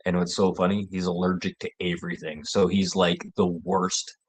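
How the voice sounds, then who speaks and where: A man's voice: deep voice, flat delivery, normal speed, slightly rough. A man hosting his own show, rambling and joking with heavy swearing. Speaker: show host. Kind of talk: casual rambling monologue.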